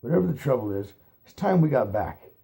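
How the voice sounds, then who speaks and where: A man reading aloud and voicing a young male rabbit who firmly tries to calm his frightened friend. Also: medium pitch, brisk, gravelly. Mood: urgent. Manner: firm, reassuring, urgent.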